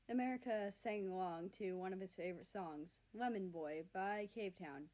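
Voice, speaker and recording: A woman reading a fan fiction story aloud in an earnest, expressive narration. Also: mid-range voice, moderate pace, hardly any pauses.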